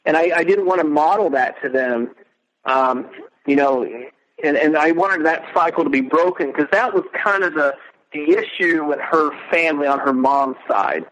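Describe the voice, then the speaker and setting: A middle-aged man speaking as an interview guest, earnest and emotional, halting as he recounts. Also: fairly high pitch, fairly bright tone, slight background noise, poor audio. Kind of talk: casual interview.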